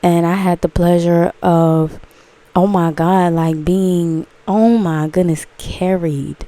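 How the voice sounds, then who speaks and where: A woman rambling in a casual, gushing monologue to camera, full of fillers and swearing. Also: takes it slowly. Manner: breaks into excited high exclamations. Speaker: vlogger.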